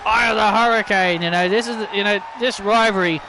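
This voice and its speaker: A man doing excitable play-by-play wrestling commentary over a video game, yelping at big moves and joking sarcastically about glitches. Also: high-pitched, brisk, noisy background.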